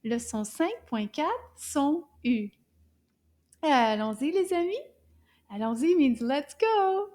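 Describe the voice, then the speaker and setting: High, slow-speaking woman teaching children. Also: big pitch swings. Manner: bright, exaggerated teacher voice, carefully spelled-out words. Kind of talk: children's language lesson.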